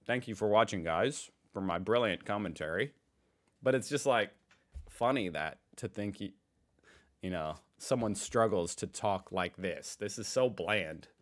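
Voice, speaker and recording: A man's voice: lowish voice, unhurried, a bit bright. An American man hosting a reaction video, commenting in a chatty, self-deprecating way as he thinks aloud. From United States. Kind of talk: casual commentary.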